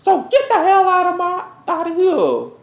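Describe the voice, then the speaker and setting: A woman's voice: very high-pitched, huge pitch swings, normal speed, exaggerated voice. A woman playing an angry woman who scolds and curses her man while throwing him out, in an improvised role-play. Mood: furious. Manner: scolding, cursing, repetitive. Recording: roomy echo.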